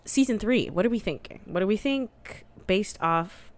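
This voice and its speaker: A woman's voice: mid-range voice, moderate pace. A woman co-hosting a podcast, gushing and ranting in casual chat about a TV series, full of "like" fillers. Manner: gushing and animated, rants, many "like" fillers. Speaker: podcast co-host.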